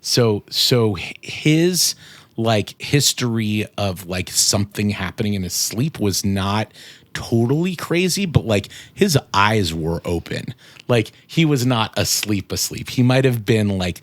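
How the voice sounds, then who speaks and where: A man's voice: on the low side, expressive, unhurried, dry recording. A man in his forties telling a personal ghost story as a podcast guest, casually and with lots of filler words. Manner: rambling, full of "like" fillers.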